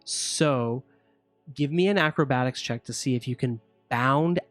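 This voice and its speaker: A man narrating as game master, halting and relaxed, with many fillers. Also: mid-range voice, no room sound, soft background music.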